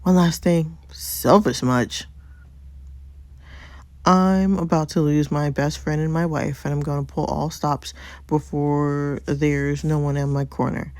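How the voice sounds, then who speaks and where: A woman's voice: sits low, fairly even intonation, slow pace, darkish tone, dry recording. Woman voicing a blunt scheming young husband, plain read-aloud game lines, dry close sound. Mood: earnest. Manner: plain reading, little voice change. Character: scheming young married man, protective and blunt. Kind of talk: reading story game dialogue aloud.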